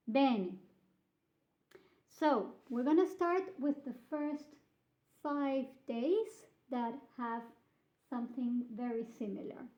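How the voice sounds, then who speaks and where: A woman teaching a beginner language lesson, slowly modelling pronunciation and repeating words for practice. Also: a little high. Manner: slow, carefully modelled pronunciation with drilled repetition. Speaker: Italian teacher. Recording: echoey, slightly dull room sound.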